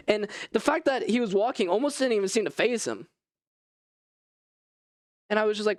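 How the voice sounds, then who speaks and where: Guy doing a dramatic first person sermon, animated storytelling, dry close mic. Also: sits high, brisk, pauses often, dry recording. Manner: animated storytelling, voice rising and falling. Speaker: preacher.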